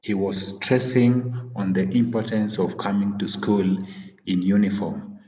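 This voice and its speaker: A male teacher giving a vocabulary lesson, defining words slowly and repeating them. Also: lowish voice, darkish tone, in a large hall, low-quality recording.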